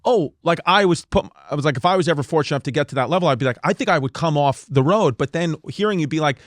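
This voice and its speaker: A man co-hosting a podcast, rattling on in eager, rambling chat. His voice sits a little high and he talks quickly. The sound is dry and close. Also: dry recording. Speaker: podcast co-host.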